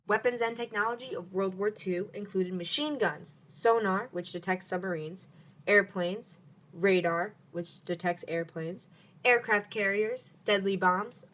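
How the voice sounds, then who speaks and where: A young woman talks through a history review in a loose, casual way. Her voice is bright and forward. She is chatty and pokes fun at herself when she trips over her words. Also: mid-range voice, poor audio. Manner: chatty and self-deprecating, stumbles over words. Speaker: student giving a history review.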